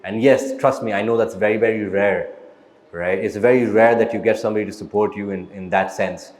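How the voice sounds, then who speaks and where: A man's voice: fairly low pitch, steady tone, fairly quick, darkish tone. Blunt man in an echoey hall. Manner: blunt, motivational, repeats "right?" and "man". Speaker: actor answering audience questions. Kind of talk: casual live Q&A talk. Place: event hall with live audience.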